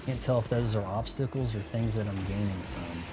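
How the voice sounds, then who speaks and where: A man's voice: fairly low pitch, moderate pace. A man streaming live gameplay, rambling and cracking jokes as he plays, with game music behind him. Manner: rambling, joking asides while playing.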